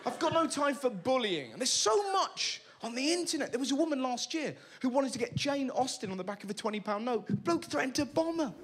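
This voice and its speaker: A man's voice: extremely high pitch, a little fast, hardly any pauses, a little hiss or hum. A man doing a stand-up comedy routine, telling stories and acting out other people's voices. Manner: animated storytelling, acting out voices. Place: comedy venue before a live audience. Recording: live show with loud crowd laughter.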